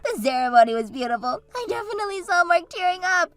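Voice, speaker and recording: A woman's voice: very high voice, big pitch swings, fast. A woman voicing Katie, a bubbly and encouraging sister and maid of honor, in a scripted story drama. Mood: cheerful.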